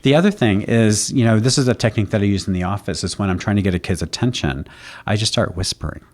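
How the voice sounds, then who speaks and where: A middle-aged male pediatrician speaks in a fairly low voice, calm and reassuring as he gives parents advice. He talks casually and chuckles here and there. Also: fast.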